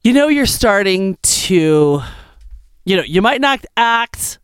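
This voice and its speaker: A woman in her fifties co-hosts a casual chat as an animated storyteller, acting out quotes and laughing mid-sentence. Her voice swoops widely and sounds smooth and resonant. The recording is dry and close. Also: mid-range voice, takes it slowly, no room sound. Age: 50s. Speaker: podcast co-host.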